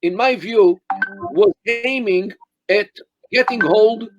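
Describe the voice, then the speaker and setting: An older man speaking as an interview guest over a video call, making his points deliberately and emphatically with many restarts and fillers. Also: high-pitched, highs cut off, faint music behind. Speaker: interview guest, Middle East scholar.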